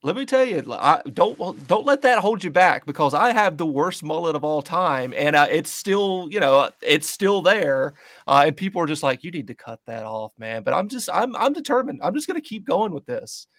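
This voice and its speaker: A chatty, enthusiastic man hosts a relaxed podcast interview. His voice sits a touch higher than most men's, and the recording is dry and close, with no room sound. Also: normal speed, dry recording. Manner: enthusiastic, chatty, loud greetings. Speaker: podcast host. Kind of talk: casual interview chat.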